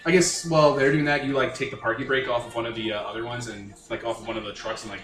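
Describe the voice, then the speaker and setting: A man's voice: medium pitch, fairly even intonation, fast talker, fairly bright tone. A man running a tabletop game as game master, narrating in a loose, casual way with many fillers. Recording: echoey room with faint music.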